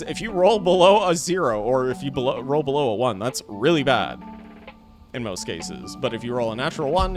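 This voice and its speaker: A man streaming a game live, chatting casually with his viewers and calling out dice rolls. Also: medium pitch. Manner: chatty, talks to chat, rolls dice aloud.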